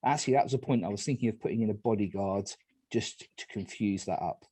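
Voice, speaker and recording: A man running an online party game as moderator, calm and polite as he narrates each night phase over a video call. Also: fairly low pitch, quick pace, slightly rough, dry recording.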